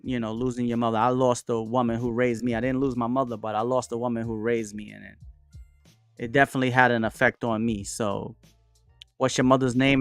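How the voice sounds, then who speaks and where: A man's voice: mid-range voice, smooth, no room sound. A man hosts a casual live stream, talking loosely and answering viewers' comments as they come in. His voice sounds dry and close, with faint music playing underneath. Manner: relaxed, chatty, with frequent fillers and shout-outs. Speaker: livestream host. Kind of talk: casual livestream chat.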